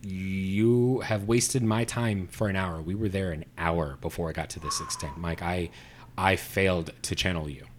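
A man with a somewhat low voice tells a story in casual chat. He rants with plenty of animation and acts out the people he argued with, his voice jumping up when he gets heated. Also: moderate pace, a little hiss or hum. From Puerto Rico. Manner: animated ranting, acting out both sides.

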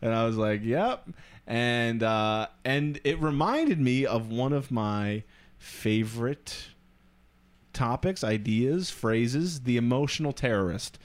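A man's voice: mid-range voice, takes it slowly. Rambling man telling a story. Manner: rambling, with many filler words. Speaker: podcast co-host. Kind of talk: casual storytelling chat.

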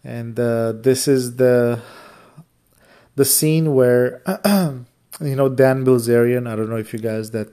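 A man's voice: mid-range voice, steady tone, takes it slowly, mellow, smooth. A man hosting his own podcast, telling a personal story in a rambling, loosely chained way full of asides. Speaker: podcast host, rideshare driver. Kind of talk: casual storytelling monologue.

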